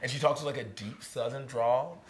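A young man from Virginia, a playwright talking as a guest in a casual onstage conversation in a barn. He is animated, says "like" a lot, and acts out the voices of people he quotes. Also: mid-range voice, moderate pace, slight background noise. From Virginia, USA. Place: historic barn, live event.

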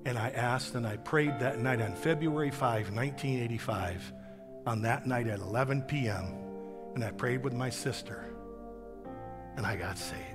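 A man in his sixties, a guest pastor preaching a sermon with a personal testimony, telling his story in an animated way with self-deprecating humor. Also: mid-range voice, normal speed, long reverb tail, music in the background. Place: church sanctuary.

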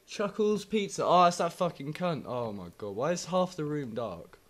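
A young man records let's-play commentary of a horror game at home, his reactions jumpy, sweary and full of wisecracks. This gaming YouTuber has a fairly high voice, lively intonation and a moderate pace.

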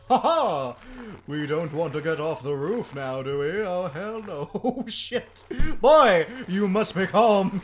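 A young man giving excitable, laugh-filled commentary while playing a video game, swearing freely. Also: high-pitched. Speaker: gameplay commentator. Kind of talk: let's play commentary. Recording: noisy home recording.

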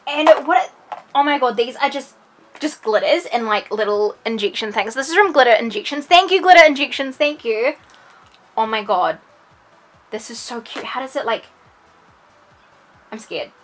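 A woman's voice: a little high, normal speed, fairly bright tone, soft background music, low-quality recording. A young woman unboxing beauty products in her bedroom, gushing and gasping with repeated exclamations in a casual vlog. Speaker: beauty vlogger.

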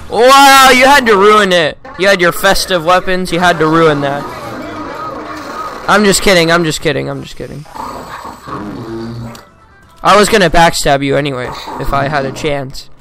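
A man's voice: a little high, normal speed, music in the background, rough recording. A man in casual online game voice chat, teasing and joking with other players.

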